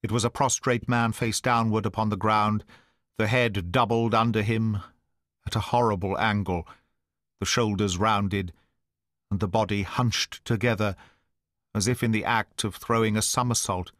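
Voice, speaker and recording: A man narrating an audiobook in a measured, dramatic storytelling manner. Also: lowish voice, fairly even intonation, fairly bright tone, dry recording, clean studio sound.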